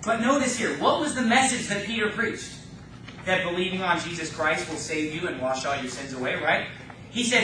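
A man preaching a fervent sermon in a church, reading scripture slowly and mocking opposing views in quick asides. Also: sits high, animated, sharp tone, slight background noise. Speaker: pastor. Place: church sanctuary. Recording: echoey church room, mic far off.

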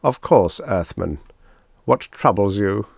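A man's voice: on the low side, slow pace, creaky, no echo, clean studio sound, full character voice. A man voicing a mocking giant male alien swordsman, scornful and taunting.

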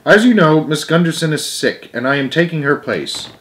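A man's voice: a little high, expressive, a bit bright, pitched above the performer's own voice. A man doing a bossy little mouse teacher. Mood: commanding. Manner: brisk, bossy, dismissive. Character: tiny prim male mouse substitute teacher. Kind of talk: storybook reading.

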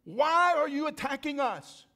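A preacher acting out a terrified male demon that cries out loudly and slowly. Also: very high voice, expressive, pitched above the performer's own voice, heavily acted. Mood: anguished. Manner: loud drawn-out cry.

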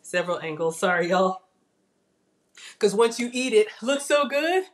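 A woman livestreams a cooking class in her home kitchen, talking straight to her audience in an excitable, chatty way. She speaks at a normal speed with a slightly high voice and pauses often.

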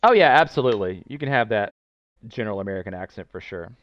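A man's voice: fairly low pitch, lively intonation, quick pace, no echo, highs cut off. A man casually commenting while he streams a game, chatting playfully and answering his viewers. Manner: chatty, playful, reading chat aloud. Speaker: gameplay streamer.

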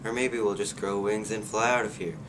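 A man's voice: fairly low pitch, fairly even intonation, a little fast, noisy background, natural voice. A young man reading aloud the lines of a sarcastic teenage girl from a novel, in a mocking tone.

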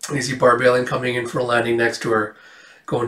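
A man's voice: mid-range voice, completely flat delivery, fast talker, a bit bright. A man reading through a comic book in a casual, rambling way, reading the characters' lines aloud and laughing now and then. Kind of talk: casual comic read-through with quick voices. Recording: echoey room, voice a bit off-mic.

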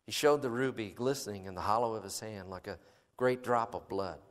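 A man's voice: lowish voice, fairly quick, big-room sound. A man preaching a sermon, reading a story aloud with dramatic, emphatic delivery and filler words between passages. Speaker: pastor.

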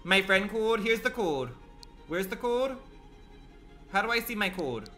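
A man chatting on a gaming livestream, his voice bright and swinging widely up and down. He rambles through filler words and curses freely. Faint music plays behind him. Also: high voice, big pitch swings, a little slow. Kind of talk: casual gaming livestream chat.

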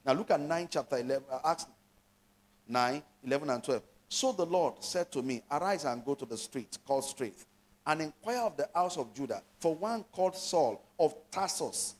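A man's voice: fairly high pitch, lively intonation, moderate pace. A man, a pastor preaching a sermon, reading scripture aloud and asking the congregation questions. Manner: preaching with call-and-response questions.

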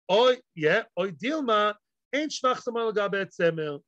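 A man's voice: high-pitched, lively intonation, measured pace, a bit bright, no room sound. A man teaching a Talmud class, playfully acting out both sides of the argument and mixing Hebrew and Yiddish terms into his talk. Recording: dull, lo-fi dry recording.

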